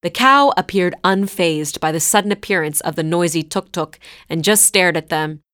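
Woman narrator, scripted storytelling, measured, clear, dry close mic. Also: lowish voice, fairly bright tone, dry recording.

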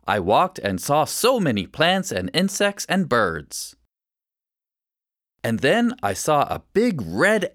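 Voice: medium pitch, dry recording, clean studio sound. A storyteller reading a first-person children's story aloud with expression.

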